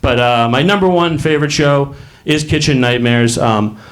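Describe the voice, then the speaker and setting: A man's voice: mid-range voice, normal speed. A man performing a rambling stand-up comedy set on a comedy club stage, laughing at his own jokes.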